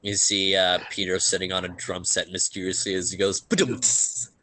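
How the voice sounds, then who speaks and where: A man narrating as game master of a tabletop game in a relaxed, halting way. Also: sits low, dry recording.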